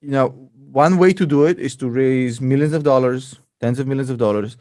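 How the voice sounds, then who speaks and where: A man's voice: medium pitch, a little fast, mellow, dry recording, clean studio sound. A man, an investor and podcast co-host, chatting casually and joking a lot. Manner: laughs a lot, calls people bro.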